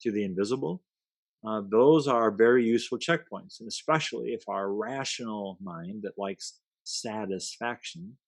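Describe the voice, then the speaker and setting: A man's voice: mid-range voice, dry recording. A man, a guest in a conversation, talking reflectively in a playful, emphatic way and dropping short aphorisms.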